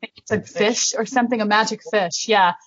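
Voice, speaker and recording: A woman's voice: medium pitch, normal speed, dry recording, highs cut off. Curious woman in casual chat. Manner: curious, lively, questioning. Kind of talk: casual book discussion.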